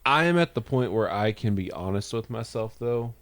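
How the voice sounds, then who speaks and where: Man, podcast co-host, dry wisecracks, lowish voice. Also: expressive, moderate pace, fairly bright tone. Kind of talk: casual comedic chat.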